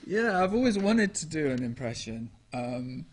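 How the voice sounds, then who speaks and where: A man's voice: on the high side, very animated, moderate pace, slight background noise. Hesitant, rambling male sidekick. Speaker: comedy sidekick.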